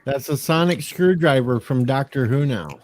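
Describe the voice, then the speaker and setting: A man in a casual chat makes short, playful quips. His pitch swings widely from one phrase to the next. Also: animated, moderate pace, darkish tone.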